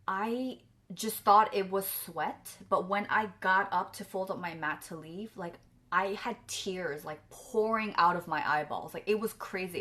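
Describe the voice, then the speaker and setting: A woman's voice: on the low side, a bit bright. A young woman chatting casually to camera as a vlogger, earnest and effusive, filling her talk with "like" and "you know.". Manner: chatty, filler-heavy with frequent "like".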